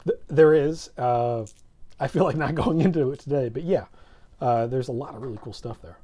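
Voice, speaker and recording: A man's voice: medium pitch, moderate pace, warm tone, breathy edge. A man co-hosting a casual tabletop gaming chat, rambling and correcting himself mid-sentence with many false starts. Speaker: co-host. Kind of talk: casual podcast chat about tabletop role-playing.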